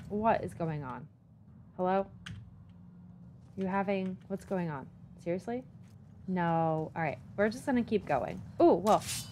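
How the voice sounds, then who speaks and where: A young adult woman talking through a video game, chatty and self-deprecating, reacting out loud as she plays. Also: mid-range voice. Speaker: gaming YouTuber. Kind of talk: casual let's-play commentary. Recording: faint background noise.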